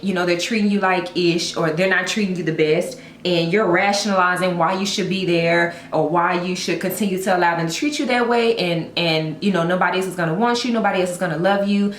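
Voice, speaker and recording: A woman's voice: lowish voice, reverberant, a little hiss or hum. A woman telling a personal story in a heartfelt vlog, speaking earnestly and encouraging her viewers with emphatic repetition. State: tearful at times. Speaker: vlogger.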